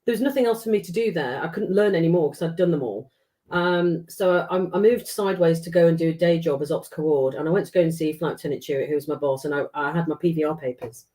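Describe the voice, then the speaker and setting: A woman's voice: sits low, fast, dark tone. Chatty middle-aged English woman telling stories. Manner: swears freely, acts out quoted dialogue. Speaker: podcast guest. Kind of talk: casual storytelling chat.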